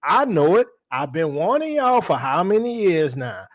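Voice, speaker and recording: A man with a high voice and big pitch swings preaches at a moderate pace to his livestream audience. His style is casual and slangy; he calls listeners y'all and keeps asking them rhetorical questions.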